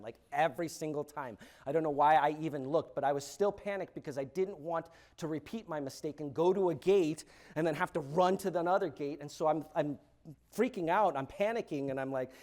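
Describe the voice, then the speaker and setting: A man giving a keynote talk, telling a personal story with dramatic pauses and swings from loud emphasis to hushed words. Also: fairly high pitch. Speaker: keynote speaker. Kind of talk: storytelling speech to an audience.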